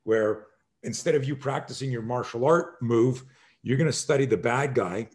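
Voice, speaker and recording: An energetic man in his sixties, talking as a podcast guest at an ordinary mid-range pitch. He rambles through emphatic explanations and acts out little scenes, jumping into sudden shouted lines and swearing freely. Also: moderate pace. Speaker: self-defense instructor, podcast guest. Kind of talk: animated conversational storytelling.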